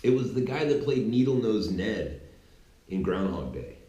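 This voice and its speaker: A man's voice: lowish voice, animated, measured pace, warm tone. A man in his thirties giving a rambling, mocking political commentary monologue, full of restarts and fillers. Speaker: commentary channel host. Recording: roomy echoey room.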